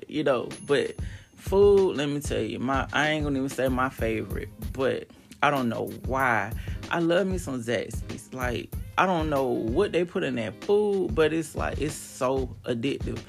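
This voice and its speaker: A woman hosting a podcast in a chatty, casual monologue with emphatic, animated bursts. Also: a bass voice, moderate pace, creaky, soft background music. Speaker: podcast host.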